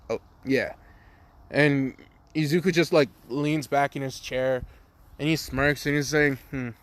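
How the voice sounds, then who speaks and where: A man's voice: mid-range voice, steady tone, a little slow, fairly bright tone. A young man casually improvising a crude fan story, rambling, swearing a lot and laughing at his own jokes.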